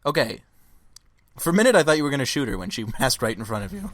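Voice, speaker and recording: A man's voice: medium pitch, sing-song, fast, a bit bright, no room sound. A man giving casual, teasing commentary while his friend plays a video game. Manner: joking, teasing banter. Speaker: let's play co-commentator. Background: game music.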